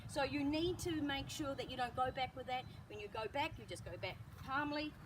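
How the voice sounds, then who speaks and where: High-voiced woman dog trainer outdoors. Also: a little fast. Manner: calm explaining, bursts of high praise to the dog. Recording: distant mic with loud outdoor noise.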